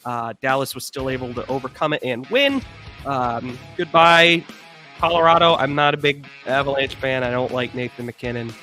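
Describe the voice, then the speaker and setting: A man's voice: mid-range voice, normal speed, sharp tone, faint music behind. A young man co-hosting a sports podcast who talks in a chatty, opinionated way with frequent fillers. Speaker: podcast co-host. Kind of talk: casual sports chat.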